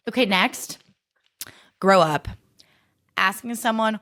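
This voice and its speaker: A woman's voice: medium pitch, slow, long pauses, a bit bright. A woman in her thirties hosting a solo podcast, talking in a sassy, emphatic rant full of swearing. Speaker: podcast host.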